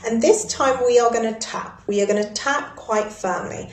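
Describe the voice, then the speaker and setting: A woman leading a guided breathwork and ritual session in a soothing, gently instructive way. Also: a little high, normal speed. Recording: echoey room.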